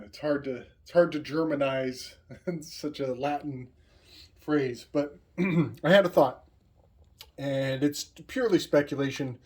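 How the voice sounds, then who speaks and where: Slow-talking man with a higher voice. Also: a little mellow. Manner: rambling, hesitant, with many fillers and chuckles. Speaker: video host. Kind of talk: casual speculative monologue.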